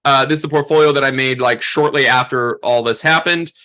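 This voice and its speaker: A man in his thirties teaching a photography workshop, telling a story in a loose, animated way with lots of fillers. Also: medium pitch, brisk. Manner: animated, acts out quoted voices, many fillers. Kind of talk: casual storytelling to a workshop group.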